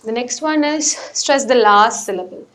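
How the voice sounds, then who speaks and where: A woman teaches a test lesson, walking through pronunciation rules. Her voice sits a little higher than most, and she explains off the cuff, pausing on fillers and rephrasing as she goes. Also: fairly bright tone. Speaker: PTE coach.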